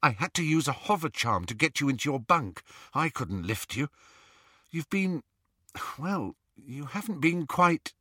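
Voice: mid-range voice, big pitch swings, a little slow, a bit bright, breathy edge, dry recording, studio quality, heavily acted. A reader voicing an anxious, caring teenage girl witch who speaks urgently and with worry. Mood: worried. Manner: urgent, worried.

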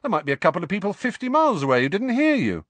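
A man's voice: sits high, wildly swooping pitch, very fast, a bit bright, no echo, pitched above the performer's own voice, exaggerated voice. A man reading aloud, voicing a teenage prankster who mocks his friend cheekily. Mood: teasing. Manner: mocking, cheeky. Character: teasing teenage prankster boy.

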